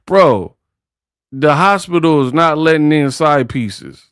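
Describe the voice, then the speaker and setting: Brief: male stream host, mocking slangy rant, unhurried, dry close sound. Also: fairly high pitch, lively intonation, a bit bright, clean tone, dry recording. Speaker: boxing commentary livestream host. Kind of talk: casual livestream rant.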